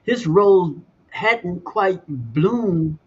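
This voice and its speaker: Male talk host, very slow and halting, husky, muffled sound. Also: sits high, expressive. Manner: slow, halting, searching for words. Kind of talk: reflective talk show hosting.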